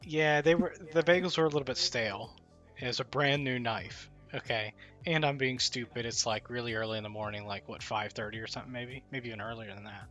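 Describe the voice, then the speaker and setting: Wry, bright-voiced man on a stream. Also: mid-range voice, brisk, faint music behind. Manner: wry, self-deprecating. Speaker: co-host of gaming stream. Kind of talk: casual storytelling.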